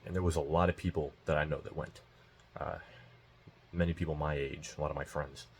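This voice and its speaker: Young man, very low voice, rambling profane storytelling, faint background hum. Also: fairly even intonation, fairly quick. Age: young adult. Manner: rambling and profane, full of fillers. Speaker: self-improvement vlogger. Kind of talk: casual storytelling monologue.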